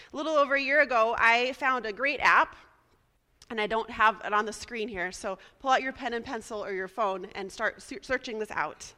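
Woman pastor, chatty sermon, slightly high voice, bright tone, echoing hall. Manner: warm, chatty, spells words out slowly. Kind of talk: casual sermon.

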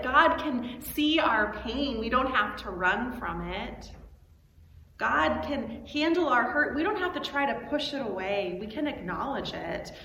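A woman pastor giving a sermon and reading scripture aloud with earnest, expressive emphasis. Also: on the high side. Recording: echoey hall with long reverb, background noise.

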